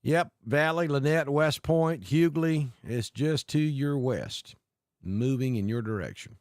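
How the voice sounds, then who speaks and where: A man from Alabama with a Southern accent tinged with north Georgia mountain talk, hosting a live weather stream in a folksy, unhurried way and greeting viewers by name. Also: mid-range voice, darkish tone, no room sound, clean studio sound. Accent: Southern US, Alabama with north Georgia mountain mix. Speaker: weather livestream host.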